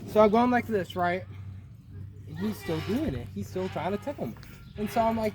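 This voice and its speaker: An excitable man jokes his way through a goofy tutorial, his pitch swinging widely as he talks. He keeps asking "right?" and "okay?". The outdoor recording carries heavy background noise. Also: moderate pace. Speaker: vlogger.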